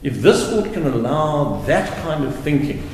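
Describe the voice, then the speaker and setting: A male advocate giving a deliberate, emphatic courtroom argument, repeating words for stress. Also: on the high side, big pitch swings, a loud crowd. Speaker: advocate arguing an appeal. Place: large courtroom. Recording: very echoey courtroom with long reverb.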